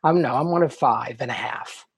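A man's voice: medium pitch, normal speed, gravelly, husky, no echo. A middle-aged man, a comedian guest, chatting in a brash, joking way in an interview. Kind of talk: casual interview chat.

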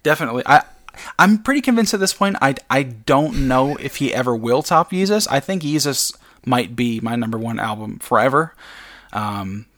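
A man's voice: medium pitch, moderate pace, a bit bright. A man speaking as a podcast guest in casual chat, hesitant, with lots of fillers and laughs.

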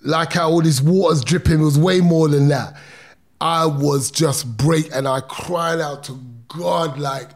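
A man's voice: on the high side, steady tone, unhurried. A middle-aged man, a former boxer telling his own story in an interview, intense and emphatic, stretching words out and using street slang. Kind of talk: emotional personal storytelling.

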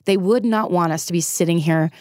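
Middle-aged woman, interview guest; candid and self-deprecating, laughs easily, lowish voice, dry close sound. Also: fairly quick, darkish tone, dry recording. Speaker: podcast guest. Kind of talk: casual interview conversation.

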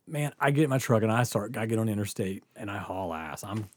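A man's voice: on the low side, animated, fast talker. A man casually telling a story, laughing often and swearing freely.

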